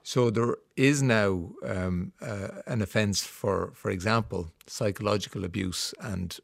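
A man's voice: fairly low pitch, measured pace, vocal fry, no echo. A man hosting a radio interview, easygoing and laughing along, stumbling a little into his questions. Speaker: radio host.

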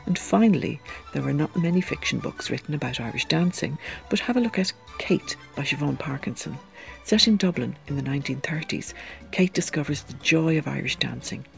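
A man's voice: a little high, expressive, fairly quick, vocal fry, a bit bright. A man reading out a scripted book recommendation for children. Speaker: book reviewer. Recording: faint music underneath.

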